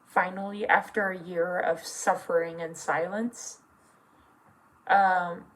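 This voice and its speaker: A young adult with a feminine voice opens up in a personal vlog, speaking slowly and haltingly. The talk is earnest and full of fillers, and the emotion sometimes pushes close to tears. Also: female voice, fairly low pitch, little pitch movement, poor audio. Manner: emotional, near tears at times. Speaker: vlogger.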